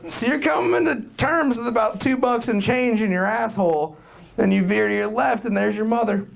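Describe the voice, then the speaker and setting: A young man from Florida doing a rambling, profane stand-up set, building to loud punchlines. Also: sits high, moderate pace, creaky. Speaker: stand-up comedian. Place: comedy club with live audience. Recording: crowd noise from live club. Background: crowd laughing.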